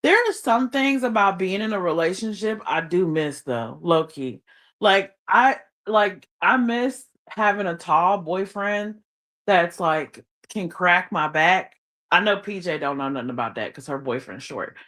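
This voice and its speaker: This woman's voice sits fairly low and sounds animated and fairly bright, moving at a measured pace. She's streaming live from her phone in bed beneath the blankets, talking in slang, reading out the chat and laughing a lot.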